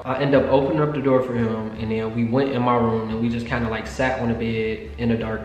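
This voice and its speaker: A man telling a storytime in a casual, excitable, profane way to his viewers. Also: medium pitch. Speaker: vlogger. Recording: echoey room with long reverb, faint noise.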